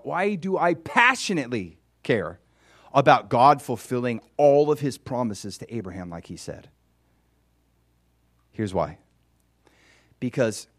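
A man's voice: on the low side, no echo. A man giving an informal, conversational sermon as a Bible teacher. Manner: animated, conversational, acts out dialogue.

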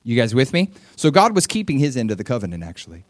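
A man preaching to his congregation in a relaxed, conversational way. His voice sits at an ordinary middle pitch. He breaks into animated little voices when he quotes people. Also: fast. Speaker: pastor. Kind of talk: sermon.

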